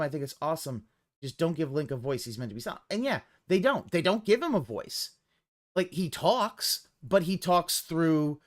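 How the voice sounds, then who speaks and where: A man streaming live and commenting casually, rambling and swearing as he reacts to a clip. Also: a little high. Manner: rambling, profane, animated.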